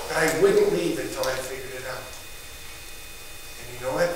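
Bright-voiced man telling a story in an echoey room. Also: fairly high pitch, a little fast, a little hiss or hum. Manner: animated, acts out his own past yelling. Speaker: motivational speaker. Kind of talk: live storytelling talk to an audience. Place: event room with audience. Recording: echoey room, mic at a distance.

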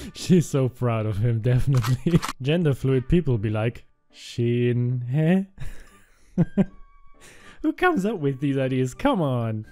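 Young man, mellow voice, giggly, reads jokes aloud, soft music behind. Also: medium pitch. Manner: giggly, laughs at his own readings. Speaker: meme-reading video host. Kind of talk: casual commentary reading jokes aloud.

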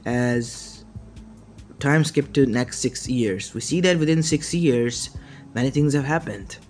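A man narrating a fan-made short story in a plain, mid-pitched voice. His reading is halting, with small restarts. Soft lofi music plays underneath.

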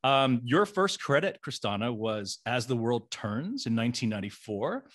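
A man's voice: mid-range voice, very animated, moderate pace, a bit bright. A man in his forties hosting a casual interview, chatty and playful, often rambling through restarts. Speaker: podcast host interviewing guest actresses.

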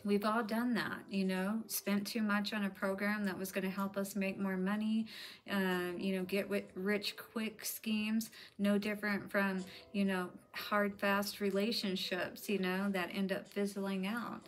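A woman's voice: medium pitch, little pitch movement, a little slow. A woman giving a spiritual tarot reading in a chatty, reassuring way, with lots of "you know" fillers. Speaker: tarot reader.

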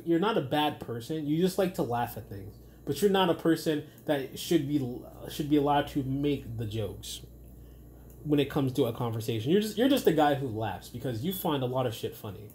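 A man's voice: on the high side, a little mellow, slight background noise. A man ranting casually to camera in a blunt, profane and rambling way, often restarting his sentences. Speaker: vlogger.

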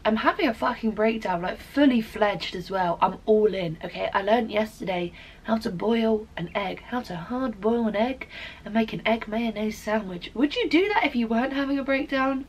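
A woman's voice: on the high side, moderate pace, rough recording. A young woman, ranting in a casual vlog, dramatic, sweary and self-mocking. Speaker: vlogger.

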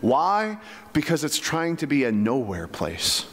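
A man's voice: mid-range voice, wildly swooping pitch, measured pace, fairly bright tone, long reverb tail. A man preaching a sermon as pastor, in a conversational way full of rhetorical questions. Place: church sanctuary.

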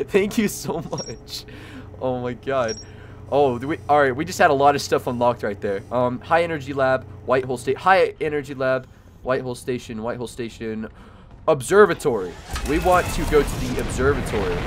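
A young man giving casual let's-play commentary, excitable and stammering over restarts, yelping when startled. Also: medium pitch, moderate pace, a little hiss or hum. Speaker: gaming YouTuber.

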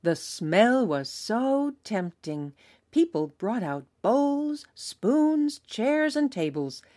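Woman preschool teacher reading a storybook, lively and slow, dry close sound. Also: fairly high pitch, no room sound. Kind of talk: picture-book read-aloud.

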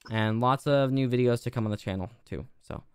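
A young man co-hosting a casual tech podcast, joking and relaxed, with plenty of fillers and restarts. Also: mid-range voice, fairly quick, clear, resonant tone, dry recording, studio quality. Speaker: podcast co-host. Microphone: studio podcast microphone.

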